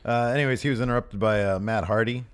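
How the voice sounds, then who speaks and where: A man's voice: mid-range voice, fast, smooth. A man co-hosting a podcast in casual chat, joking and laughing often as he talks. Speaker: podcast co-host.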